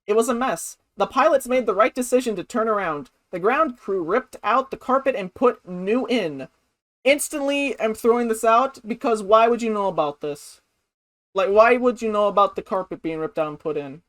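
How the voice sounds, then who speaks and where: A woman vlogger with a slightly high voice rambles through a reaction commentary. She giggles often and keeps sounding incredulous. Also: moderate pace, a bit bright.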